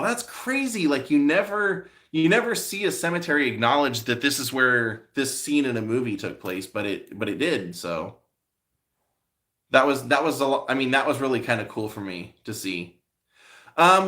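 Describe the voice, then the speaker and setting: A man's voice: mid-range voice, fairly bright tone. Rambling male vlogger chatting on a live stream. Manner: rambling storyteller with many restarts and fillers. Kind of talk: casual live-stream chat answering viewers.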